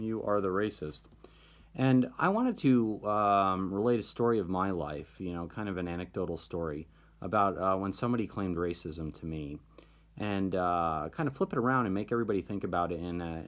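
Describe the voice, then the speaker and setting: A man's voice: deep voice, expressive, normal speed. A man hosting his own video channel, telling a personal story in a casual, hesitant monologue full of fillers. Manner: hesitant, many fillers and restarts. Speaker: video host.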